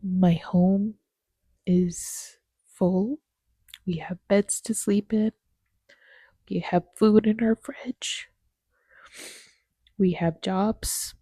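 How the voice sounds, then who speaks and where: A young woman talking candidly to camera in a personal vlog, sad and tired after crying, speaking softly and haltingly with many pauses and near-whispers. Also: mid-range voice, steady tone, slightly rough, no echo. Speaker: vlogger and new mother.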